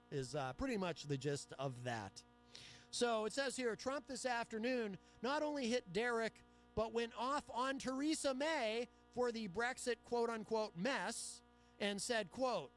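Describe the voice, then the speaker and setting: A man's voice: sits high, unhurried, soft background music. A man hosting a talk radio show, reading news aloud with chatty, sarcastic asides. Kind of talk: solo talk radio commentary.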